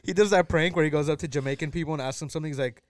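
A man hosting a casual chat, quick and excitable, getting loud when he jokes. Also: fairly high pitch, no room sound, studio quality.

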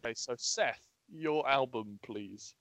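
A man's voice: medium pitch, slow, fairly bright tone, no echo. A man hosting a podcast in casual chat, making dry, blunt remarks. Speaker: podcast host.

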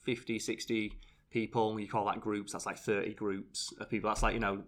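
A man's voice: lowish voice, moderate pace. A British man hosting a casual podcast chat, telling stories animatedly. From Britain. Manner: animated storyteller, acts out voices loudly. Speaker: channel host.

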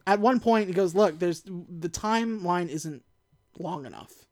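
A woman's voice: lowish voice, lively intonation, a little slow, darkish tone. A woman co-hosting a casual podcast, recapping a movie and acting out its lines in mock voices. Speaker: podcast co-host.

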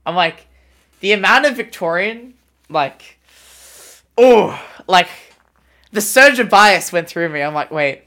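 A man, co-hosting a casual podcast and telling fast, animated stories full of "like". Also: high-pitched. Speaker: podcast co-host. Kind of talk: casual chat.

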